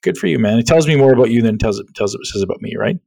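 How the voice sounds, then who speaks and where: A middle-aged podcast host talks fast and animatedly, explaining ideas in casual conversation and tossing in "right?" again and again. His medium-pitched voice is creaky with a darkish tone, and the recording quality is low.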